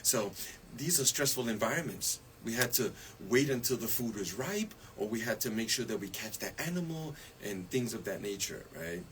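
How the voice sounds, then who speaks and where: A man's voice: medium pitch, expressive, normal speed, hardly any pauses, a bit bright, slight background noise, poor audio. Laughing man talking wellness on radio. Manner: laughs often, asks "you see?". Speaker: wellness guest. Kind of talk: casual radio chat.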